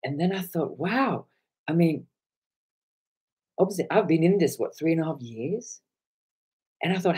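A hoarse man talking on a live stream, retelling an encounter with animated, indignant energy. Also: a little high, moderate pace, pauses often. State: hoarse from shouting. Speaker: online commentator.

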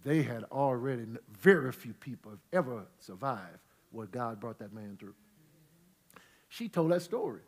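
A middle-aged male pastor preaching, swinging from quiet storytelling to loud, shouted praise. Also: mid-range voice, expressive, moderate pace. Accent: St. Louis Black American Southern-tinged. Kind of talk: preaching a Bible study sermon. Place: church sanctuary with congregation.

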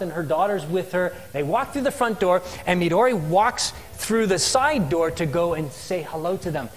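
A man telling his missionary story as a sermon testimony in a church, animated and asking the congregation questions. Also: sits high. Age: adult with three children. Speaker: missionary speaker.

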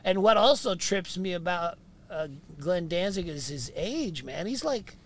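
A man from Canada with a high, raspy speaking voice, telling stories in casual chat and swearing freely. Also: animated, a little slow. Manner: swears freely, jumps into voices mid-story. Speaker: podcast guest. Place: inside a van. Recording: faint noise in a vehicle.

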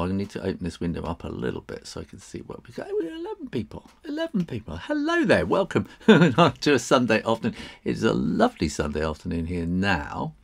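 Lively, gravelly-voiced man. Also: low-pitched. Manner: chatty and rambling, with self-interruptions; laughs lightly while talking. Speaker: illustrator drawing live for viewers. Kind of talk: casual live-stream drawing tutorial.

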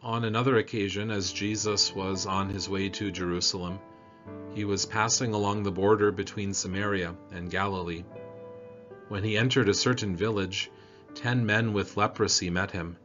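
A man leading a church devotion, reading scripture and prayers in a measured, solemn way. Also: lowish voice, fairly even intonation, fairly bright tone. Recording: dull lo-fi audio with faint music.

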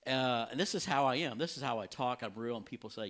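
A healing evangelist shares his testimony with a congregation in a medium-pitched male voice. He tells it animatedly, and his voice leaps high whenever he quotes his own reactions. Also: brisk, hardly any pauses, fairly bright tone. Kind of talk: testimony in a church talk.

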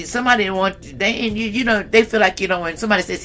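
A tarot reader chatting through a reading in a loose, slangy way. The delivery is bold and blunt, speaking right to viewers with frequent laughs. The pitch sits in a middle range. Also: fast talker, fairly bright tone, slight background noise. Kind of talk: casual tarot reading vlog.

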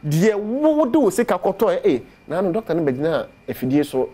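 Persuasive Ghanaian man pitching herbal medicine. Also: very animated, fairly quick, dark tone. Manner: persuasive, repeats product pitch. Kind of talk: promotional talk on TV show.

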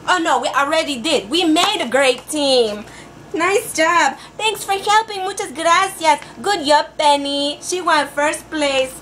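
A woman playing an overeager class teacher, reading a storybook aloud in a sing-song voice with drawn-out words and Spanish phrases mixed in. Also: high-pitched, fairly bright tone, a little hiss or hum. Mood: playful. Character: overeager female teacher persona, adult, playful. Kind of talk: comic storybook read-aloud.

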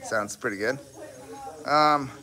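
A man's voice: mid-range voice, slow, sharp tone. A man chatting casually on a livestream outdoors, rambling with lots of ums and restarts. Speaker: horse rescue livestreamer. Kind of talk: casual rambling live chat.

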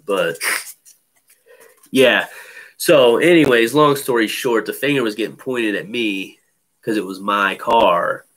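A man's voice: on the low side, slow, long pauses, a bit bright. A man telling a personal story in casual chat, loose and profane, full of fillers. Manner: loose, profane, many fillers like "you know".

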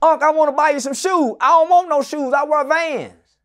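A middle-aged man with a very high, brisk voice tells a long story as a guest in a casual interview. He's loud and profane, swearing freely and acting out the people he quotes with animation.

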